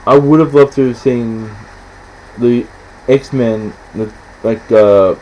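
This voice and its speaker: A man in casual film chat, rambling and halting, often stopping to restart, acting out scenes in quick quoted voices. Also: medium pitch, dark tone, muffled recording, a little hiss or hum. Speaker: podcast host.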